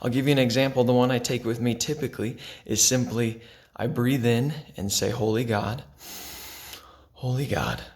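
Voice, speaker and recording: A man, a pastor, giving a gentle and unhurried devotional talk that drops to a hush for quiet lines. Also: medium pitch, steady tone. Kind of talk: devotional sermon to camera.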